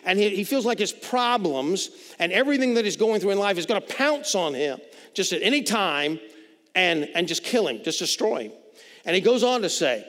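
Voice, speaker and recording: A man preaches a sermon with a high voice, talking to the congregation conversationally and doubling back on his words as he builds each point. The recording carries a long reverb from a large hall. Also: sing-song, moderate pace, fairly bright tone. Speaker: pastor.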